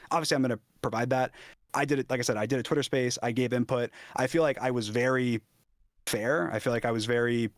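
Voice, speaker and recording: A man's voice: medium pitch, no echo, clean studio sound. A young man talking in a casual debate on stream, hesitant, restarting his sentences and using many fillers.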